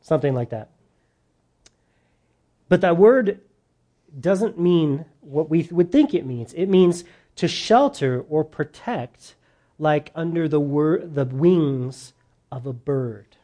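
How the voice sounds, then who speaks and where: A man preaching a sermon to his church, animated and rising loud on his points. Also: a little high, takes it slowly, long pauses. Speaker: pastor.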